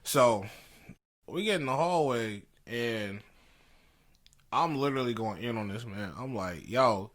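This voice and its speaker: A man's voice: mid-range voice, unhurried, long pauses, fairly bright tone. A young man co-hosting a podcast, telling a story in casual slangy chat and laughing as he goes. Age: young adult. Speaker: podcast co-host. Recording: poor audio.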